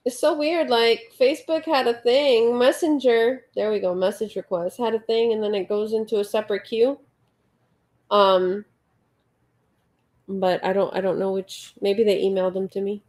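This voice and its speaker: Woman, casual livestream host, mid-range pitch, chatty, counts stitches softly, reads chat aloud. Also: fairly even intonation, moderate pace. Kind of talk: casual live chat while crocheting.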